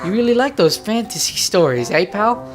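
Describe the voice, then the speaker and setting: A woman's voice: medium pitch, big pitch swings, moderate pace, music in the background, lightly acted. A woman voicing a cocky, streetwise male mole creature with a New York accent, chummy and brash. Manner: brash, chummy, calls listener pal.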